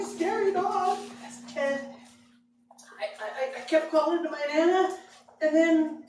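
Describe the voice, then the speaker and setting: A woman's voice: high-pitched, a little hiss or hum. A woman telling a story to a live audience, acting out the scene with voices. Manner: expressive, acts out the scene with voices. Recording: very echoey room, far mic, audible ambience. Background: room ambience and audience laughter.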